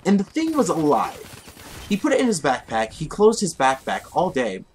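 A man's voice: a little high, wildly swooping pitch, moderate pace, a little mellow, a little hiss or hum. A young man casually telling a rambling, profane story while commenting on his gameplay. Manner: rambling, profane, easily distracted by the game.

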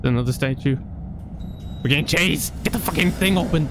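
A man's voice: fairly high pitch, brisk, noisy background. A man giving casual commentary while playing a horror game, jumpy and swearing constantly. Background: game music.

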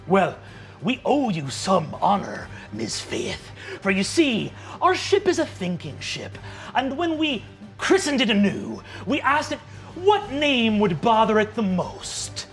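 A man's voice: sits high, very animated, slow, a bit bright, faint music behind, heavily acted. A man voicing a wild, unhinged demonic pirate captain who bellows and cackles in pirate talk. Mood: grandly boastful.

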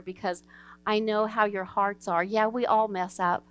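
A woman's voice: medium pitch, fairly even intonation, moderate pace, clear, resonant tone, soft background music. A woman pastor preaching an evening sermon in a church, telling stories in an earnest, folksy way and acting out the dialogue. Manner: earnest, folksy storytelling, acts out quoted dialogue. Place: church sanctuary.

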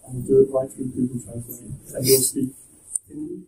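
A man's voice: mid-range voice, monotone, fairly quick, mellow. A young man giving a casual, joking talk to students, chatty and full of restarts. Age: young adult. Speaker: guest speaker at a university talk. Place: lecture room. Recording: echoey room from far off.

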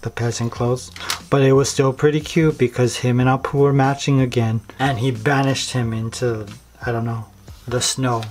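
A man's voice: medium pitch, darkish tone. Man telling a story in slangy rambling chat. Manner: slangy, rambling, full of likes. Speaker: vlogger. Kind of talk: casual comic storytelling.

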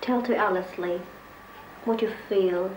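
A woman therapist guiding a role-play session in a gently directive way. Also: mid-range voice, steady tone, a little slow. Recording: echoey room with faint noise.

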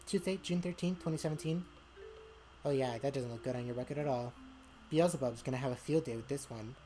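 A woman's voice: very deep voice, brisk, mellow, slight background noise. A woman voicing a smug, teasing male devil who rules hell, in a visual novel playthrough. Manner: teasing, sarcastic.

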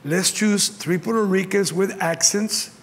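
A man's voice: sits high, measured pace. An older man from Mexico with a Mexican Spanish accent preaching a sermon at a conference, telling stories with passion and acting out the voices he quotes. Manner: impassioned storytelling, acts out quotes. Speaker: pastor. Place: large conference hall. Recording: long hall reverb, faint ambience.

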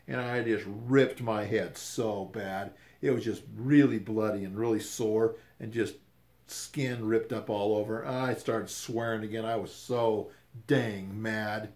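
An older man casually telling a rambling, animated story with repeated words and restarts. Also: lowish voice.

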